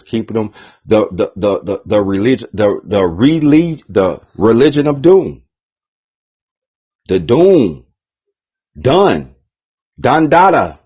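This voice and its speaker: A man giving a preachy, profane rant, repeating himself often, with a husky voice. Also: fairly low pitch, warm tone, highs cut off. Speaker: vlogger.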